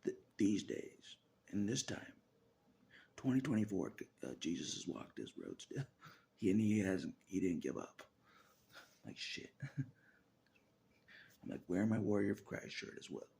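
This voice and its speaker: A man talking in an unscripted personal monologue, repeating phrases for emphasis, swearing often and swinging between loud declarations and muttered whispers. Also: on the low side, very animated, measured pace, vocal fry, pauses often. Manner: swears often and laughs to himself. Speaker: vlogger.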